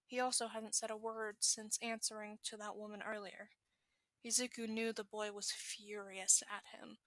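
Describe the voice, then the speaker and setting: A woman's voice: mid-range voice, level tone, a bit bright, no room sound. A woman reading a fan fiction story aloud, correcting small slips as she goes. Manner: brisk reading with self-corrections. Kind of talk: podfic narration.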